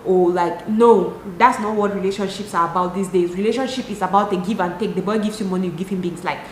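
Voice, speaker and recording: A young Cameroonian woman with a Cameroonian accent, chatting to camera in an animated, exasperated way. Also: mid-range voice, a little hiss or hum. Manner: animated, talks with her hands, rhetorical and exasperated. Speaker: lifestyle vlogger. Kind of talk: casual chat to camera. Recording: echoey room.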